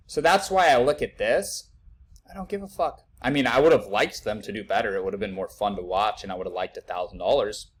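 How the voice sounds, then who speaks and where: A young man giving blunt, profane betting picks in a casual live video, working through numbers out loud. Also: fairly low pitch, fairly quick, breathy edge. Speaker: sports betting tipster.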